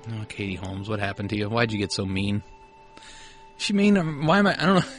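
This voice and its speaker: Casting note: joking man co-hosting a podcast, lowish voice, music playing behind. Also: sing-song, fast talker. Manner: joking, riffing. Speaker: podcast co-host. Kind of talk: casual chat.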